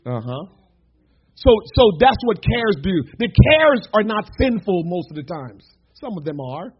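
A man's voice: high-pitched, big pitch swings, unhurried, slightly rough, highs cut off. A male preacher delivering an impassioned, emphatic sermon, often starting phrases with "uh". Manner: impassioned, emphatic, frequent "uh" fillers.

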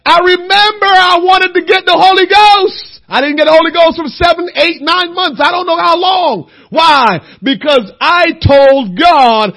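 Very high-voiced man preaching with humor. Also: a little slow, few pauses. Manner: animated storytelling, breaking into shouts for emphasis; humorous, folksy. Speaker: church teacher. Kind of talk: sermon-style Bible lesson.

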